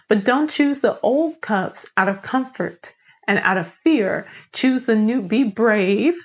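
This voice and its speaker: A woman tarot reader talking casually to her viewers, chatty and encouraging, with a lot of "like" as she walks through the cards. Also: on the high side. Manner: chatty, encouraging, uses "like" often. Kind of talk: casual tarot reading to camera.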